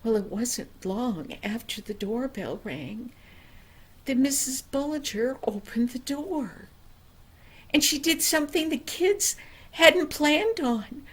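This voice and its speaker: Slow, gentle grandmother storyteller. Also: sits high, expressive, slightly rough. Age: older. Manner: gentle, unhurried, soft on quiet passages. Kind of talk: reading a children's story aloud.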